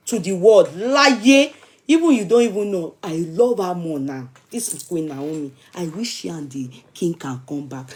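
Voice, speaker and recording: A woman's voice: lowish voice, dark tone. Emphatic Nigerian woman streaming live. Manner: emphatic, repetitive, pleading. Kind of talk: casual live-stream commentary.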